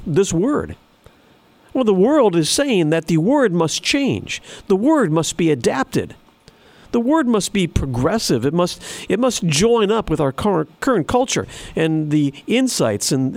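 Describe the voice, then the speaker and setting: A man's voice: fairly high pitch, creaky, darkish tone, no echo. A man preaching a sermon in an earnest, emphatic way, repeating phrases for stress. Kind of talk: sermon with scripture reading.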